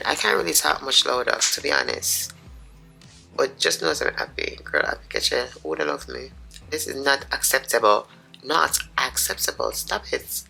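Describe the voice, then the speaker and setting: A middle-aged woman with a Jamaican accent chatting to camera in her home office, hoarse and raspy from being sick, chatty and talking to herself in asides. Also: a bass voice, sharp tone, low-quality recording. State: hoarse, sick with sore throat. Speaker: vlogger. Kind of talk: casual vlog chat to camera.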